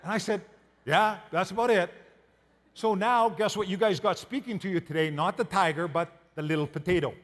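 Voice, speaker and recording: A man from Canada gives a motivational talk to an audience in a folksy, storytelling way. His voice sits a little high for a man. Long reverb from the large hall trails after his words. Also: steady tone, brisk, hardly any pauses, fairly bright tone. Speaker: motivational speaker.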